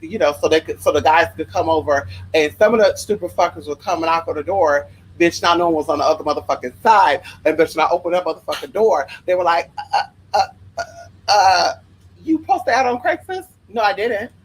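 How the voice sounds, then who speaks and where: A spiritual worker telling rambling stories to viewers in a sassy, profane, animated way, often drifting into side tangents. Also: fairly quick, slight background noise, poor audio. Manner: profane, sassy and animated, with big pitch swings. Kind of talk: casual storytelling to viewers.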